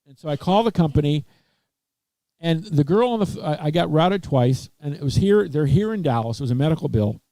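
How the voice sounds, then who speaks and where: Male podcast host, mellow slightly raised voice, talks in halting, restart-filled anecdotes, dry mic. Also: on the high side, lively intonation, no echo. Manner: rambling storyteller with many fillers and restarts. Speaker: webcast host. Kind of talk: casual chat. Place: Texas.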